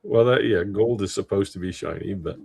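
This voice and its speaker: A man co-hosting a livestream in casual chat, animated and quick to laugh, explaining things at length. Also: fairly low pitch, creaky, husky. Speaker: livestream co-host.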